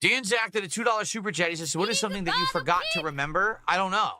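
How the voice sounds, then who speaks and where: A man's voice: high-pitched, very fast, noisy background. A man chatting casually on a stream, rambling and wry. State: sore and yawning.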